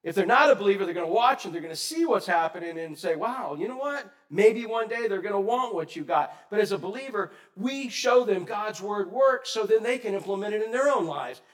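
A man preaching a sermon in a conversational way, quizzing the congregation and swinging between loud and soft. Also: high-pitched, expressive, brisk, few pauses. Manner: asks the congregation questions. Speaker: pastor.

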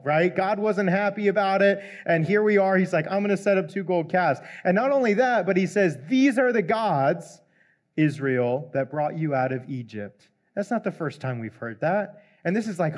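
A man preaching in a casual, conversational way, retelling a Bible story and briefly voicing the people in it. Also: high-pitched. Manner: conversational, acts out the characters' lines in quick asides.

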